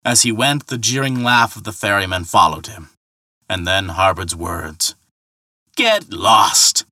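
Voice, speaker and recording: A man telling a myth as scripted narration, in a measured storytelling manner. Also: low-pitched, steady tone, pushed and bright, dry recording.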